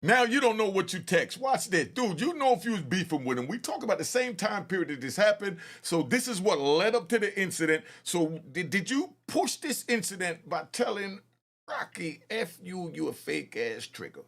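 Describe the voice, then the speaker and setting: A man's voice: sits high, big pitch swings, moderate pace, a bit bright. A man hosting a commentary channel, mocking courtroom footage in slangy, scornful street talk. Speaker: host reacting to courtroom footage.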